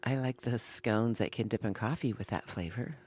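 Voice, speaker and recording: A man's voice: on the low side, normal speed, a little mellow, husky. A man co-hosting a small-town radio morning show, mostly chiming in with short agreeing remarks in casual chat. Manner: brief agreeing interjections.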